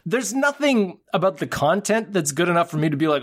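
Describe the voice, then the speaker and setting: A man on a podcast, a little high-voiced, talking through a movie's plot in a loose, animated way. He jumps into quick quoted lines from the characters and laughs easily as he goes. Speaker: podcast co-host. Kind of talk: casual chat recapping a film.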